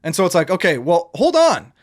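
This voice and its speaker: A man's voice: high voice, a little fast. A man hosting a casual podcast chat, talking emphatically with many restarts. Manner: animated, emphatic, rambling with restarts.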